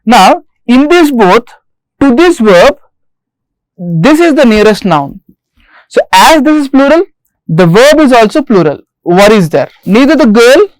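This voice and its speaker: A man giving a recorded grammar lecture as a lecturer, stressing single words slowly and repeating each rule and example. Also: very high voice, no room sound, poor audio. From India. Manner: repeats rules and examples deliberately. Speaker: English lecturer.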